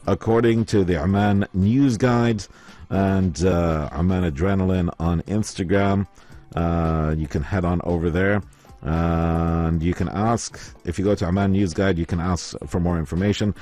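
A man's voice: low-pitched, fairly even intonation, unhurried, warm tone. A man hosting a live morning radio show from the studio, chatting casually and reading out listener messages, with a slight lisp. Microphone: studio microphone.

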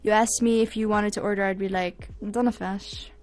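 A woman's voice: medium pitch, little pitch movement, quick pace, a little mellow. Playful woman host chatting. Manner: playful, giggly, sounding out words. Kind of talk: casual chat.

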